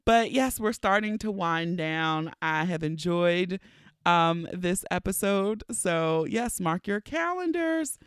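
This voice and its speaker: A woman's voice: lowish voice, slow, smooth, dry recording. A woman in her thirties hosting her own podcast, chatty and playful, a little stuffy from allergies, talking close to the mic. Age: 30s. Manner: chatty, playful and animated, laughing often. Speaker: podcast host. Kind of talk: casual podcast monologue.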